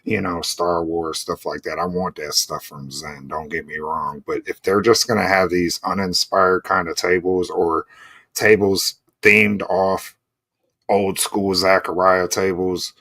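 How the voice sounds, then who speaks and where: A man's voice: low-pitched, steady tone, unhurried, gravelly, pushed and bright, no room sound, clean studio sound. A man co-hosting a casual show, talking in a laid-back way full of "bro" and "you know". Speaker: podcast co-host. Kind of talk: casual chat.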